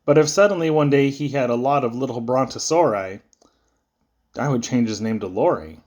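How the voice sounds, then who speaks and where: A man giving a playful, sing-song reading of children's poems, with sudden high squeaks and low drops. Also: normal speed, darkish tone, dull audio. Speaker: poetry reader.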